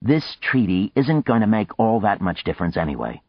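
A man's voice: lowish voice, big pitch swings, normal speed, husky, no echo, voice pushed up, heavily acted. A man voicing a glib, persuasive male businessman in a dry, dull lo-fi audiobook recording. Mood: breezy.

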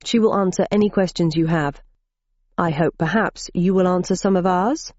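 A woman voicing a calm, self-assured male corporate executive who speaks in a measured, dry way. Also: fairly low pitch, muffled recording, close to an everyday voice.

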